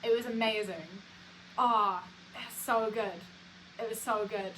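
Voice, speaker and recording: A young woman co-hosting a casual chat podcast, telling stories in an animated way with quick restarts. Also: fairly high pitch, a little hiss or hum, low-quality recording. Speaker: podcast co-host.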